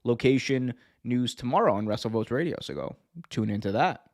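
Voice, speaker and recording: A man's voice: mid-range voice, expressive, brisk. A man hosting a casual wrestling news podcast, rambling, joking and correcting himself as he goes. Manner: rambling, self-correcting, jokey. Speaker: podcast host.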